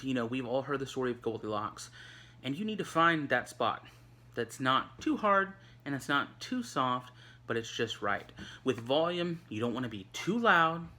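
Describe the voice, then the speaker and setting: Bright-voiced male teacher, chatty. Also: medium pitch. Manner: conversational, many fillers and restarts. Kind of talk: recorded online lesson. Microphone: recorded for an online video.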